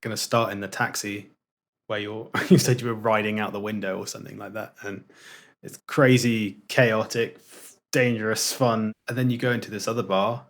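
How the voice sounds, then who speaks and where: A man hosting a podcast, relaxed as he sums up his guest's story. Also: fairly low pitch, fast, creaky. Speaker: podcast host. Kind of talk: casual chat.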